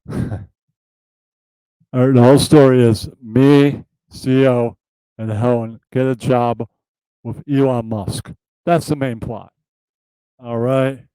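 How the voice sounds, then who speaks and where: Man with a dark, dry voice. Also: medium pitch, fairly even intonation, slow pace, pauses often, clear, resonant tone, dry recording, low-quality recording. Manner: switches between silly voices and plain talk. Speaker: puppet show host. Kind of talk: improvised puppet comedy.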